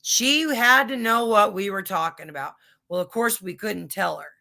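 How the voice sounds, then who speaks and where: A woman's voice: medium pitch, moderate pace, creaky, bright, forceful tone. A woman hosting a casual livestream chat, telling rambling stories full of swearing. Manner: profane, rambling storytelling. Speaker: livestream host.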